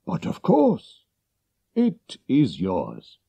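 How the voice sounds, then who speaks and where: A man voicing an excitable king in a storybook reading, exclaiming emphatically. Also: medium pitch, extremely slow, creaky, husky, no room sound, dull audio, pitched above the performer's own voice, exaggerated voice. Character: excitable, grateful middle-aged male king.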